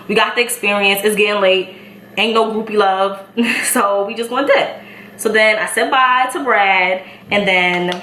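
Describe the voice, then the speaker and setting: Animated Brooklyn woman telling a story. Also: medium pitch. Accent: Brooklyn New York. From Brooklyn, New York. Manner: animated storytelling, acting out voices, laughing. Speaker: beauty vlogger. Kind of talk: story time while doing makeup. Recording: echoey room, faint ambient noise.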